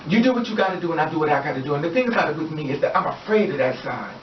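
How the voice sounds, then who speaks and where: A woman's voice: low voice, animated, racing, slight background noise. A woman vlogger ranting in a heated, profane and emphatic way. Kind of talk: personal vlog rant. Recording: echoey, distant, dull-sounding room recording.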